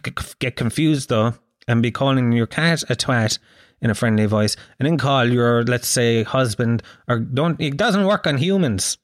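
A man's voice: mid-range voice, dry recording, studio quality. Irish man, profane comic rambling. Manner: profane, rambling, jokey storytelling. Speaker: podcast host. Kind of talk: comic podcast monologue.

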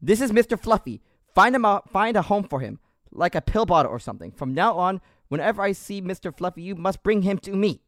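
A man voicing a petty, stern female French Canadian drill sergeant in a high, barking, mock-formal voice. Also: sing-song, a little fast, hardly any pauses, a bit bright, dry recording, studio quality.

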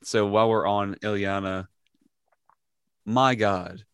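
A man's voice: fairly low pitch, fairly even intonation, slow pace, a bit bright, smooth, no echo, studio quality. A man in a casual chat, blunt and sarcastic, swearing freely.

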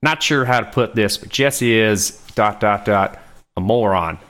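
A man's voice: fairly low pitch, measured pace, a bit bright. A man reading out a scathing listener review in a put-on backwoods voice. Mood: mocking. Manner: reads a listener review aloud in a mock voice. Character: blunt backwoods male reviewer, mocking.

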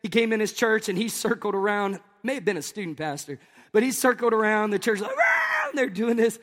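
A pastor from Tennessee, telling an animated, jokey story to his congregation in a sermon. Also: sits high, a little fast, long reverb tail. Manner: animated, jokey, talks to the crowd.

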